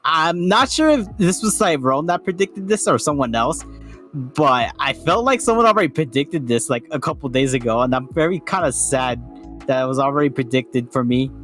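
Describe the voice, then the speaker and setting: A man with a mid-pitched voice talks casually over a voice call. He is hesitant and thinks aloud, restarting his sentences often. Faint music plays behind him. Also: expressive, normal speed, a bit bright. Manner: hesitant, many fillers and restarts. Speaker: panel guest. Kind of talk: casual reaction chat.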